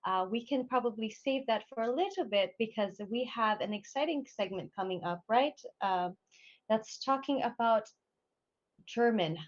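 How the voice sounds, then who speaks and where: Brief: Filipino female radio co-host, casual and chatty, slightly high voice, muffled broadcast audio. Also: moderate pace. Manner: chatty, filler-heavy, laughs often. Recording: dull lo-fi broadcast sound.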